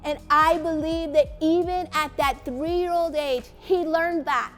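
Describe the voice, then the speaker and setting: A woman pastor giving parenting advice through a lively personal story, acting out the voices of those in it. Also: high voice, slow. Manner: animated storytelling, acts out quotes. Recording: faint music behind.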